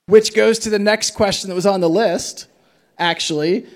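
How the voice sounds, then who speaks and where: A man's voice: sits high, fairly even intonation, normal speed. A man moderating a conference panel, reading out audience questions in a playful way.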